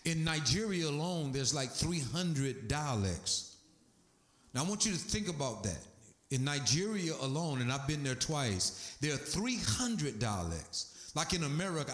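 A man's voice: fairly high pitch, a bit bright. A man preaching a sermon as pastor, emphatic, with sweeping swings in his delivery. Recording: echoey room.

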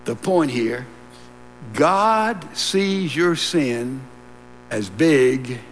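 A man's voice: mid-range voice, expressive, drawn-out words. A man preaching a sermon, emphatic and repetitive, with asides to the congregation. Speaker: pastor. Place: church sanctuary. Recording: long reverb and mains hum in a church.

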